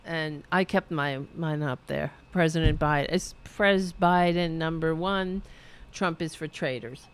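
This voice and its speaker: A woman's voice: deep voice, unhurried, clear, resonant tone. A woman hosting political commentary, ranting in a profane, sarcastic and heated way and reading out viewer chat. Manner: reads viewer chat aloud.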